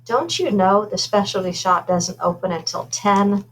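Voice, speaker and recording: A woman reading aloud, voicing a cheerful, determined mother who chats brightly with her daughter. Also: medium pitch, normal speed, slight background noise, lightly acted, rough recording.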